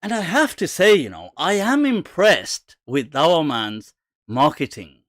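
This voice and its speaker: A man hosting a casual live Q&A, animated and mocking, laughing often. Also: fairly high pitch, measured pace, no room sound, studio quality. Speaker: host.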